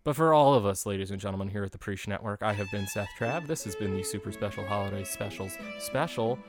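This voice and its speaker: A man in his late twenties hosting a podcast, casually recapping a holiday TV special as a chatty, animated storyteller. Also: fairly low pitch, quick pace, loud music behind the voice. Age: late 20s. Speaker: podcast host.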